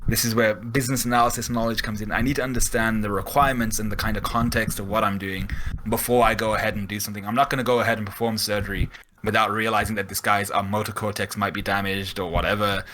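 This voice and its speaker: Lively man on a podcast. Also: fairly low pitch, fast talker, slight background noise, rough recording. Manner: animated, acts out characters in quotes. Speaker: podcast host. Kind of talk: casual chat.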